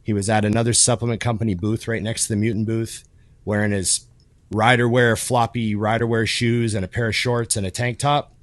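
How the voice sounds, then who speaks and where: A man's voice: on the low side, fairly quick, no echo. A man co-hosting a podcast, telling stories in casual chat with plenty of cursing. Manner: profane, animated storyteller. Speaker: podcast co-host.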